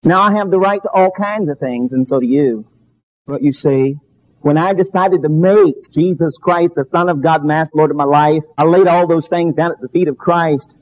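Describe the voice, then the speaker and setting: A man preaching a sermon, fervent and emphatic, with dramatic pauses and shifts between loud and quiet. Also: a little high. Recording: dull lo-fi recording.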